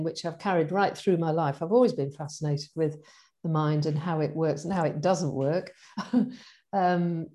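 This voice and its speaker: A middle-aged woman in casual conversation, chatty and animated, laughing often as she talks about her events. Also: fairly low pitch. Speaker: event organizer and guest.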